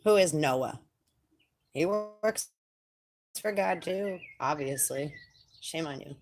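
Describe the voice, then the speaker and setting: Low-voiced woman musing on spirit. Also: slow pace. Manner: animated, slangy, laughing, rambling. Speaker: spiritual channeler. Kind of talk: casual spiritual monologue.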